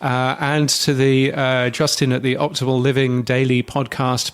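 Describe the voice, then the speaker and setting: A man co-hosting a podcast, chatting casually and filling pauses with ums and uhs. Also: medium pitch, little pitch movement, clear, resonant tone. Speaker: podcast co-host.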